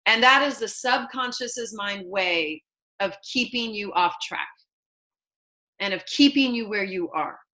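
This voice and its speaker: A woman's voice: medium pitch, lively intonation, a little slow, pushed and bright, rough recording. A woman teaching an online motivational class, earnest and emphatic as she tells personal stories. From lives in Los Angeles. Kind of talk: motivational lesson.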